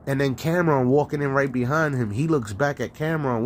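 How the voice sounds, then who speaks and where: Man, New York, mid pitch, ranting monologue, profane, stammering restarts, faint background noise. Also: fairly quick, hardly any pauses. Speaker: solo live-stream host.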